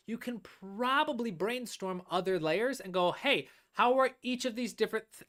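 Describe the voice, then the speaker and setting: A woman's voice: medium pitch, fairly bright tone. A woman teaching music composition on a live stream, explaining step by step, often drawing out words while she thinks and checking in with "all right?".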